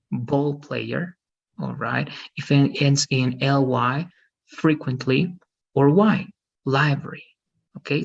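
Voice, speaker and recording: Gravelly male English teacher, patient. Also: mid-range voice, muffled recording. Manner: patient, explanatory, checks with "okay?" and "right?". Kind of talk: online English lesson.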